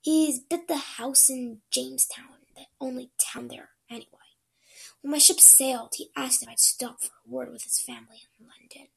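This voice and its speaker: A woman's voice: high-pitched, fairly even intonation, normal speed, creaky. A woman doing a blunt old sailor man. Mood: plain.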